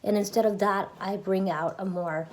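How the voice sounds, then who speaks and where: A woman's voice: medium pitch, fairly even intonation, normal speed, slight background noise. A woman giving a casual, earnest self-help talk to her channel's viewers, chatty and full of fillers. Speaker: YouTuber.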